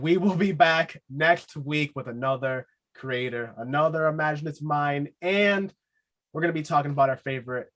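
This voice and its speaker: A man hosting a casual podcast interview, enthusiastic and quick to laugh, often repeating himself. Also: fairly high pitch, fairly bright tone. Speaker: podcast host.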